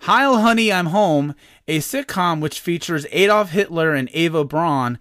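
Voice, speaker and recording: A man's voice: a little high, animated, a little slow, a bit bright, no echo, clean studio sound. A man hosting a comedy podcast, reading quiz questions in a playful, mock-serious way. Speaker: podcast host.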